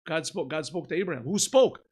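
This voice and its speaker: A man, a rabbi, giving an informal Torah lesson, asking and answering his own questions and often clearing his throat. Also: a little high, animated, a little fast. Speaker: rabbi teaching a class.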